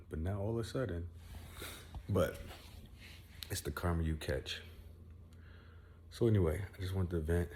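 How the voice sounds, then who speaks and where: A man's voice: sits low, creaky, mellow, slight background noise. A young man venting at home to his followers in a rambling, boastful, profane monologue. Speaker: vlogger.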